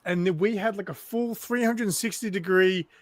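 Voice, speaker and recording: A man's voice: high voice, moderate pace, dry recording. A man with an Australian accent telling stories animatedly as a guest on a casual livestream. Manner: animated storyteller. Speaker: guest on a stream panel. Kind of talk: casual chat on a video call.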